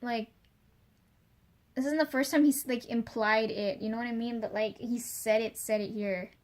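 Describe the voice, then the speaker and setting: A woman's voice: a little high, steady tone, normal speed, darkish tone. Young woman ranting, rambling and swearing. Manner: rambling, heavy swearing, many fillers. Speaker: vlogger. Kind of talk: casual confessional rant.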